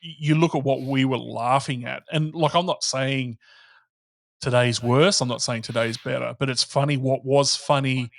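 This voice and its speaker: A man's voice: mid-range voice, steady tone, moderate pace, gravelly, no room sound. A man, a podcast guest telling stories in casual chat and swearing freely.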